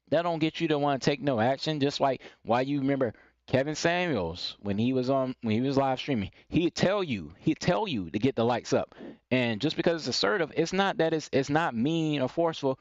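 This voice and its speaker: A man's voice: medium pitch, expressive, brisk, dry recording, muffled recording. A man giving blunt, repetitive advice in a live stream monologue. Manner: blunt, preachy, repeats points, mocks timid phrasing in quoted voices. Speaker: live stream host giving dating and self-improvement advice.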